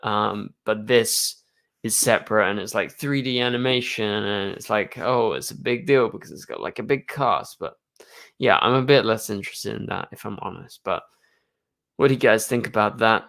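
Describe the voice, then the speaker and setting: A man's voice: lowish voice, normal speed, vocal fry, a bit bright. A young man hosting a live stream, chatting casually and answering viewer questions, rambling with lots of fillers. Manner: rambling, full of "like" and "um".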